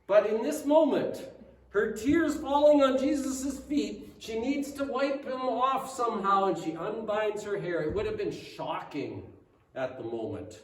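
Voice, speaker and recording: Pastor guy preaching, swings his pitch all over, asks the crowd questions, roomy church echo. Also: a little slow. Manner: animated storytelling with rhetorical questions to the congregation. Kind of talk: sermon. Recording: echoey room, mic at a distance.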